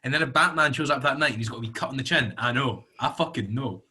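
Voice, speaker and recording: A man's voice: mid-range voice, fast talker, sharp tone, slightly rough. A young man co-hosting a podcast, telling playful, sweary stories in casual chat. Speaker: podcast co-host.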